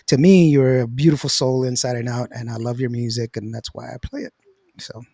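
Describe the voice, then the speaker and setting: A man hosting an interview, effusive and halting, with many fillers as he talks. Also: mid-range voice, fairly even intonation, gravelly, mellow. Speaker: radio host. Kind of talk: casual interview.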